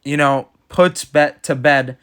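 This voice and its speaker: A man's voice: a little high, takes it slowly, a bit bright, smooth. A man giving casual, blunt and opinionated reactions to fight results as commentator. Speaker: MMA commentator.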